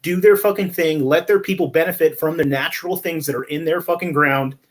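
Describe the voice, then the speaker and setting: A man with a slightly raised, higher voice rants on a casual podcast. He swears constantly, talks bluntly, and keeps it animated, laughing and slipping into voices when he quotes people. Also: fairly quick. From Latino heritage in the US. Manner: acts out quoted relatives in put-on voices. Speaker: podcast host. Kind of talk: casual chat.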